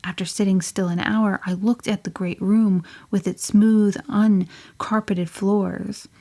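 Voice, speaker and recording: A woman voicing a spirited, headstrong teenage girl telling her story in an audiobook, often sinking to a breathy near-whisper. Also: medium pitch, fairly even intonation, takes it slowly, mellow. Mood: telling a secret. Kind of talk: audiobook reading.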